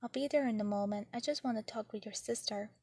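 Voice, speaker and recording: A woman's voice: a little high, quick pace, vocal fry, a little mellow, breathy edge, no echo, clean studio sound. A woman reading as a firm, caring mother. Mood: quiet. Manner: firm, pointed. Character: strict but caring middle-aged mother. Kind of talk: storybook reading.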